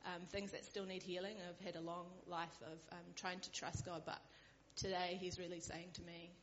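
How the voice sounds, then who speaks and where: A woman's voice: lowish voice, flat delivery, moderate pace, long reverb tail, lo-fi sound, slight background noise. A woman sharing her personal faith story in a church, candid and hesitant with frequent ums. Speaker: church member sharing testimony. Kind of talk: personal testimony.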